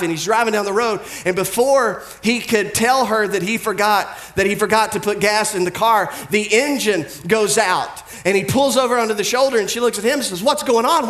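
A pastor delivers a sermon in a relaxed, conversational way, breaking into quick impressions of the people in his stories. His voice sits fairly high for a man. His tone stays humorous and direct. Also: roomy sound.

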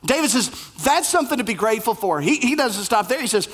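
A man preaching a sermon, with emphatic repetition and sudden drops to a hushed voice. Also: very high-pitched, expressive, quick pace. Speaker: pastor.

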